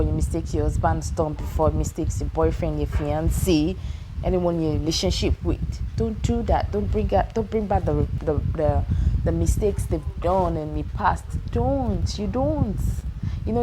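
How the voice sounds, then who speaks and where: Background noise accompanies a young Nigerian woman's medium-pitched voice as she gives relationship advice in a casual vlog. Speaking with a Nigerian accent, she hammers her points home by repeating them and checks if you understand.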